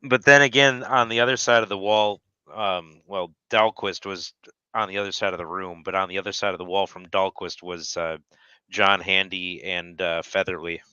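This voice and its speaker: Male co-host, bright and crisp voice, wry and foul-mouthed storyteller, lo-fi sound. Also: low-pitched, steady tone, moderate pace, no room sound. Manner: profane, wry, tells stories in detail. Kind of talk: casual storytelling chat.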